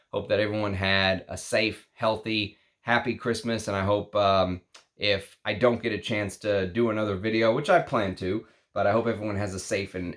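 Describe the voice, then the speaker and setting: A man's voice: lowish voice, a bit bright. A man casually reviewing fragrances on his vlog, lingering with enthusiasm over long lists of scent notes.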